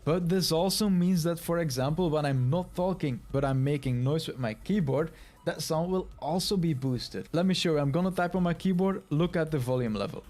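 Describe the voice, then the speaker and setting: A man's voice: fairly high pitch, moderate pace. Man explaining audio settings, tutorial style. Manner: instructive, walks through settings, demonstrates by talking quiet and shouting. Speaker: streaming tutorial presenter. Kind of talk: step-by-step screen tutorial.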